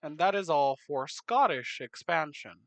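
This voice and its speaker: A man narrating a map game in casual commentary, unhurried, muttering asides to himself. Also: fairly high pitch, lively intonation, gravelly, fairly bright tone, no room sound.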